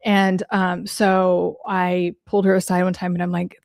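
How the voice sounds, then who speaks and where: A woman's voice: on the low side, little pitch movement, moderate pace, creaky, hardly any pauses, a little mellow, no echo, clean studio sound. A woman hosting a casual live Q&A as a psychology coach, speaking bluntly and frankly with lots of "like". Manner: blunt, frank, heavy use of "like".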